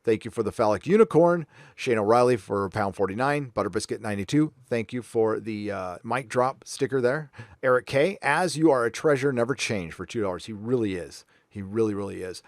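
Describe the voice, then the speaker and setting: A man's voice: on the low side, expressive, brisk, dry recording, clean studio sound. A man hosting a livestream, reading out viewer super chats and thanking each one in a chatty, joking way. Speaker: livestream host.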